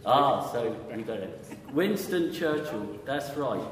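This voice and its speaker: A man's voice: medium pitch, animated, unhurried, hardly any pauses, slight background noise. A man preaching a conversational sermon, often quizzing his audience with questions. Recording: echoey hall with long reverb.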